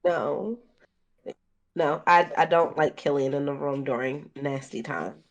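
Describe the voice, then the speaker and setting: A woman's voice: sits low, measured pace, vocal fry. A woman co-hosting a podcast in casual chat, with a Baltimore accent, telling stories defensively, laughing often and filling her speech with "like". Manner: laughing, defensive storytelling with many fillers. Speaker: podcast co-host.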